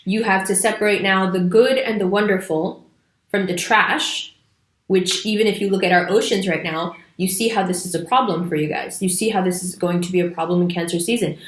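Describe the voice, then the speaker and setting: A woman's voice: medium pitch, steady tone, brisk. Woman chatting about astrology, emphatic and chatty, room echo. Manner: chatty, emphatic, with sudden playful voices. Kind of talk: casual astrology talk to camera. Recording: echoey room.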